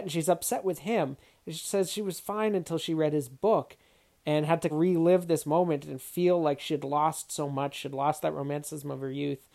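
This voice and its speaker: A film reviewer walks through a movie's story in a relaxed, reflective way. The talk is unscripted, with small restarts as thoughts form. The voice sits at a middle pitch. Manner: reflective, thinking aloud with restarts. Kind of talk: casual spoken film commentary.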